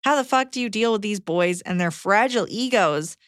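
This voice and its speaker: A woman co-hosting a podcast, reading listener letters aloud in a brisk, blunt way. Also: mid-range voice, lively intonation, dry recording, studio quality.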